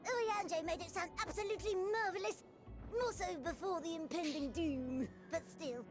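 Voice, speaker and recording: A chatty, prim little rabbit creature in a video game. Her voice is extremely high and squeaky, briskly scolding. Game music sounds clearly behind her.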